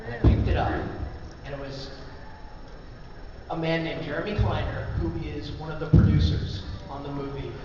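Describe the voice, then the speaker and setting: A man telling funny stories to a convention audience in a casual, animated way, recorded from far off in a large hall. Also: on the high side, normal speed. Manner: animated, joking storyteller. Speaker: author speaking at a convention panel. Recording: echoey hall recorded from far off, dull and noisy.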